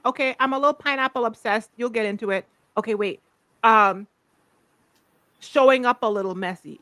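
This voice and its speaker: A middle-aged woman from the Virgin Islands hosts a loose, joking chat and laughs between thoughts. Her pitch sits in a middle range. The sound is close and dry, with almost no room around it. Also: normal speed, pauses often, bright, forceful tone, no echo. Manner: playful, laughing, goofing off. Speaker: host, life coach. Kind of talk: casual livestream chat.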